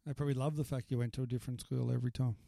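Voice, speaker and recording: A man hosting a casual interview, asking quick questions and reacting briefly. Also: medium pitch, little pitch movement, creaky, dark tone, no echo. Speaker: podcast host.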